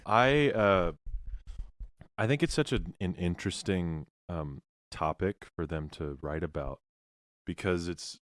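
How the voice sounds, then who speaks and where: Very deep-voiced man joking on a podcast. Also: a little slow, no room sound, clean studio sound. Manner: laid-back, wisecracking, laughs easily. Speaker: podcast co-host. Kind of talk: casual late-night chat.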